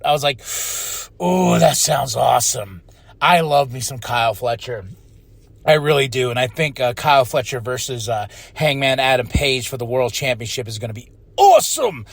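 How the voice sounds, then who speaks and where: A man hosting a podcast, giving a casual, excitable recap of a wrestling show and now and then shouting out the wrestlers' lines and chants. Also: mid-range voice, no echo. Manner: excitable, chatty, slips into loud impressions of the wrestlers. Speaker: podcast host.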